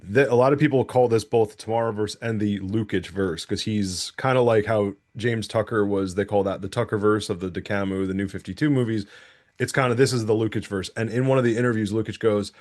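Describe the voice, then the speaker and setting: Man, podcast co-host, casual chat, animated, rapid, rambling rants. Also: fairly low pitch. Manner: animated, ranting, rapid run-on sentences with self-interruptions.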